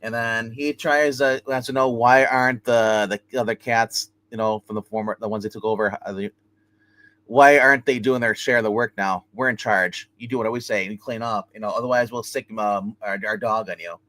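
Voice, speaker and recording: A man's voice: on the low side, steady tone, moderate pace, fairly bright tone, no echo. A man hosting a casual livestream comic book review, retelling a story loosely with many restarts and fillers. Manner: rambling plot retelling with many restarts and "he's like".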